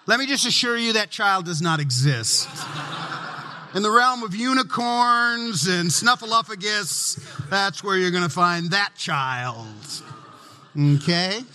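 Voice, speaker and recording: Bright-voiced joking pastor in a big hall. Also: male voice, sits high, animated, slow. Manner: humorous, conversational, acts out little scenes. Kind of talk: sermon.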